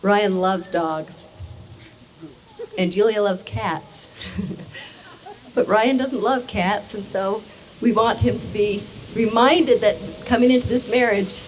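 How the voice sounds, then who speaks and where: A woman's voice: mid-range voice, takes it slowly, long pauses, slight background noise, rough recording. A woman giving a playful, chatty speech at a wedding reception while presenting gifts, talking into a handheld microphone. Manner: playful and chatty, laughing along.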